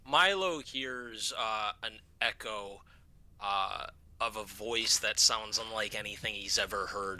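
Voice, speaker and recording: A male game master narrates a tabletop session in a sharp, very bright voice that sits a little low. He pauses often and fills gaps with fillers. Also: no room sound. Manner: halting, many filler pauses.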